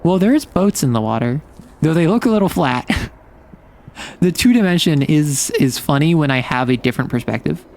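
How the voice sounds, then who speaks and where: A man's voice: fairly high pitch, expressive, moderate pace, vocal fry, darkish tone. Playful man streaming a game. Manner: playful, chatty, exaggerated reactions. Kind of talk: casual game commentary.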